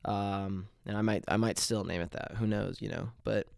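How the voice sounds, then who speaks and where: Stuffy nasal guy in his 20s, rambly podcast talk, lotta ums, kinda low voice. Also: fairly even intonation, moderate pace, creaky, darkish tone, no room sound, clean studio sound. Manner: rambling, hesitant, with many fillers and restarts. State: congested from allergies. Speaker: podcast host. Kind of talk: casual solo podcast.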